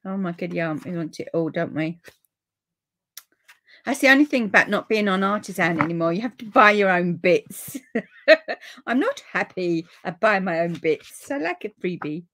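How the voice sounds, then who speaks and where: A middle-aged woman with a British accent hosting a relaxed live papercraft stream, chatting to viewers and easily delighted. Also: lowish voice, moderate pace. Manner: chatty and easily delighted, with frequent gasps and laughs.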